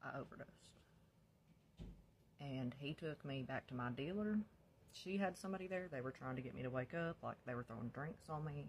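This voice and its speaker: A woman's voice: rumbling low, animated, brisk, slight background noise. Candid woman telling her story casually. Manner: candid, drops to a whisper when quoting herself, laughs in places. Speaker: storyteller recounting her past.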